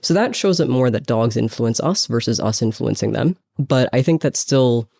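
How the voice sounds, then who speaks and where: Man, gravelly voice, mid pitch, guest expert, explanatory, filler-heavy. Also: expressive, moderate pace, warm tone. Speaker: dog behavior consultant, guest. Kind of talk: explanatory interview answers.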